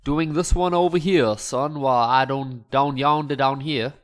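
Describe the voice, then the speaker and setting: A man voicing a folksy Southern American man, drawling slowly and loudly. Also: mid-range voice, fairly even intonation, natural voice. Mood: joking. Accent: Southern American put-on.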